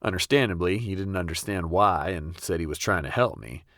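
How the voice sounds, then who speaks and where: A young man narrating a comic personal story in a wry, deadpan way. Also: deep voice, fairly quick, no room sound, clean studio sound. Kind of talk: comedic first-person storytelling.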